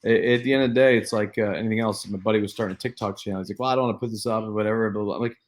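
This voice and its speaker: A man's voice: lowish voice, fairly even intonation, racing. A man who is a guest on a casual podcast, talking brashly and bluntly with lots of swearing. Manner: brash and profane, blunt advice.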